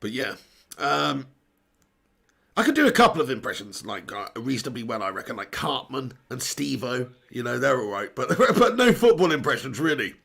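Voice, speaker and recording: English guy streaming a match watch-along, strep throat, husky gravelly voice, fairly high pitch. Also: very animated, moderate pace, a bit bright. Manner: chatty, blunt, reads out viewer comments. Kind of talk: live casual commentary reading chat.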